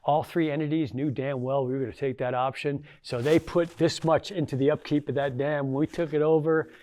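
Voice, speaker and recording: A man's voice: a little high, fairly even intonation, brisk, darkish tone. A middle-aged man, a former tribal council member, giving a casual storytelling talk to an audience, folksy and anecdotal with lots of fillers.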